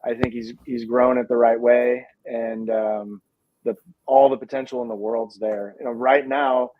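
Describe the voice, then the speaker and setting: A man's voice: mid-range voice, lively intonation, unhurried, dry recording. Man on a muffled video call. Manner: thoughtful, hedging, many fillers and restarts. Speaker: guest, pizza dough company founder. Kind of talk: casual video chat. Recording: dull lo-fi sound.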